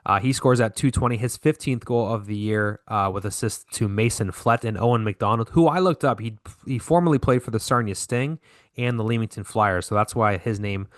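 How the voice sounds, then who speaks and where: Speaking fairly quickly in a voice on the low side, this man co-hosts a podcast, casually recapping hockey scores with lots of fillers and self-corrections. The recording is studio quality with no room sound.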